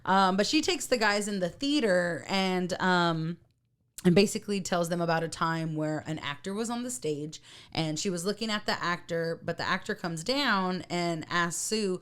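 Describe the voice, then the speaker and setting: A woman co-hosting a casual podcast, telling the story of a TV episode with frequent laughter. Her voice sits a little low for a woman, and she acts out the people she quotes. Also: normal speed, a bit bright, smooth. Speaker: podcast co-host. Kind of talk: casual chat recapping a TV episode.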